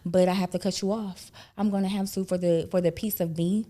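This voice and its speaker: A woman in her thirties hosting a casual chat, blunt and animated, full of slang and laughter. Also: on the low side, a little fast. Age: 30s. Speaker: podcast host.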